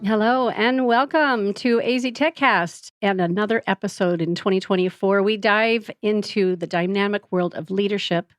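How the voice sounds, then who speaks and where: A woman's voice: medium pitch, steady tone, normal speed, hardly any pauses, dry recording. A woman co-hosting a podcast panel interview, giving upbeat, formal introductions. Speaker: podcast co-host and producer.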